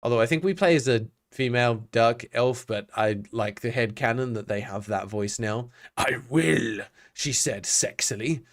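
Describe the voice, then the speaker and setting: A man's voice: medium pitch, normal speed, hardly any pauses. An Australian man streaming a game, chatting casually and reading on-screen text aloud with self-mocking asides. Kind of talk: casual gameplay commentary.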